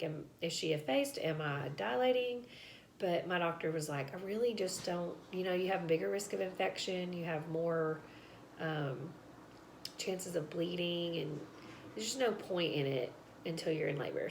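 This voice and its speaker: A woman's voice: fairly low pitch, vocal fry, slight background noise. A young woman, telling a personal story to camera in a chatty, casual way, laughing and filling with "like" and "um.". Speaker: vlogger.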